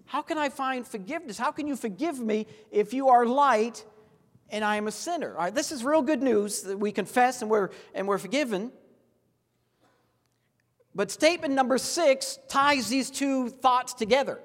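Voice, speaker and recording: A man with a high voice preaches a sermon in a church sanctuary. He speaks earnestly and leads the congregation in call-and-response. His voice rings with long hall reverb. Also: animated, normal speed, a bit bright. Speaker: pastor.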